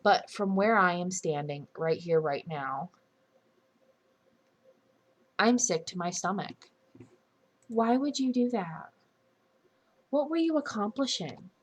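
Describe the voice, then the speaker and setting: A woman's voice: medium pitch, animated, takes it slowly, pauses often. A young woman giving an indignant, earnest opinion commentary for her channel, often restarting and correcting herself mid-sentence. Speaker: commentary YouTuber.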